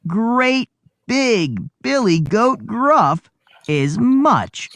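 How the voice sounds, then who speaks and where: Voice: mid-range voice, sing-song, extremely slow, fairly bright tone, dry recording, pitched above the performer's own voice, heavily acted. A storybook reader voicing a timid, middle-sized male billy goat who pleads nervously. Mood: pleading.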